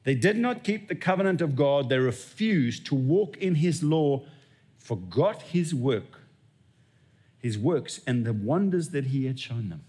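A man's voice: medium pitch, lively intonation, a little slow, darkish tone, slightly rough. A man preaching a sermon as lead pastor, telling stories and acting out little dialogues. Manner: storytelling, acts out dialogue with God.

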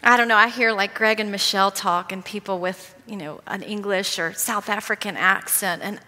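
A woman's voice: medium pitch, fairly even intonation, normal speed, pushed and bright. A middle-aged woman from the American South with a Southern accent, speaking at a conference in a chatty, storytelling way and laughing often. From Southern United States. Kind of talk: conference talk from a stage. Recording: long reverb of a large hall.

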